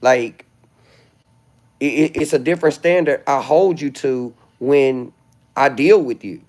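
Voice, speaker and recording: A man's voice: mid-range voice, unhurried, darkish tone. A middle-aged man, rambling self-assuredly in a casual livestream monologue, with flashes of indignation. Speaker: livestream host.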